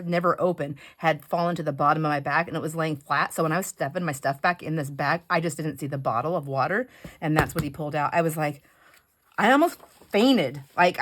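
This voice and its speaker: A woman chatting casually while she crafts, telling stories with lots of fillers and animated retellings. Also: sits low. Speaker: craft vlogger.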